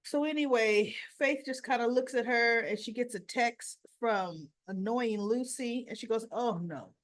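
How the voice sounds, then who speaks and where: A woman casually recapping a soap opera episode, retelling scenes with quoted lines, her voice a little rough. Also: on the high side. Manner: slow, chatty retelling with quoted dialogue. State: slightly rough voice after choking.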